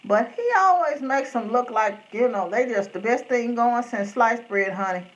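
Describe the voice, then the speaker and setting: A woman's voice: on the high side, animated, normal speed, lo-fi sound. A middle-aged woman, hosting a rambling live-stream chat and greeting viewers by name. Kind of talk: casual chat.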